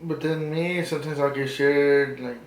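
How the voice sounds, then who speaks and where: Joking young podcast co-host, echoey room. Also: male voice, a little high, moderate pace, a little hiss or hum. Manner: relaxed, joking, profane. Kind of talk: casual chat.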